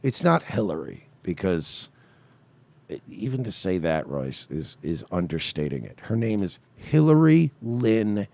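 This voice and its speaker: Lively low-voiced man ranting. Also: unhurried, gravelly. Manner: incredulous, rambling with restarts. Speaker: podcast co-host. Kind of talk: casual comedic commentary.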